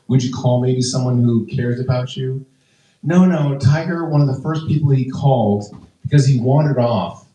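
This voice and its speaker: Here a stand-up comedian in his fifties tells stories loosely and chattily, stumbling into fillers and restarting his sentences. He has a warm, medium-pitched voice. The room echoes and he is picked up from some distance.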